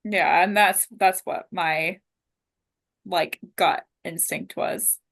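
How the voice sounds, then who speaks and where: A woman at a tabletop game speaks earnestly and persuasively, pressing her point with questions. Her voice sits slightly low. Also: fairly even intonation, takes it slowly, creaky, fairly bright tone. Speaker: player. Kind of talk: tabletop role-play.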